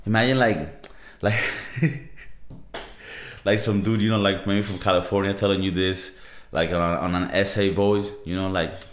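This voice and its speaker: A young man hosting a podcast, his Latin American Spanish accent clear, keeps things laid-back with profanity and slang throughout his monologue. He speaks at a measured pace in a lowish voice with fairly even intonation, and the recording carries a roomy echo.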